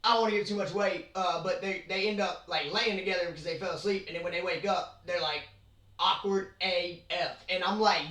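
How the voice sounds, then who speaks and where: A rambling, excitable host talks manga in a casual chat, full of jokes and quick asides. The voice sits in the middle of the pitch range. It is heard from a few steps away in a bedroom that rings with echo. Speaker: channel host. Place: own bedroom. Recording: roomy, from far off.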